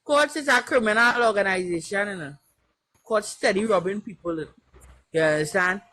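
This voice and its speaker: A woman's voice: mid-range voice, a little fast, bright, forceful tone, a little hiss or hum, low-quality recording. A woman with a Trinidadian accent, speaking as a caller on a live-stream panel. She talks in an impassioned, emphatic way, repeats her points and keeps asking whether you understand.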